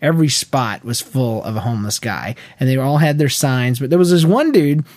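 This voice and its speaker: A man in his thirties co-hosting a podcast in casual chat, telling stories with lots of restarts and quick laughs. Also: mid-range voice, lively intonation, a little mellow, no room sound. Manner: rambling storyteller with many restarts and laughs. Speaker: podcast co-host.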